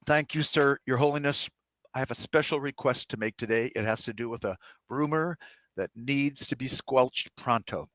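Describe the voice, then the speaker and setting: A man reading his novel aloud, voicing a boozy, blustering aging president who bosses his staff loudly. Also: mid-range voice, no echo. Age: older. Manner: loud, bossy, swaggering.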